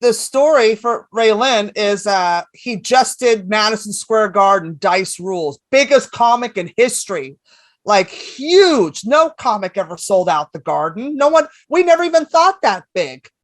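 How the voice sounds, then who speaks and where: A woman comedian guesting on a podcast, telling stories in an animated, rambling, profane way. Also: mid-range voice, unhurried, no room sound. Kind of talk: casual podcast storytelling.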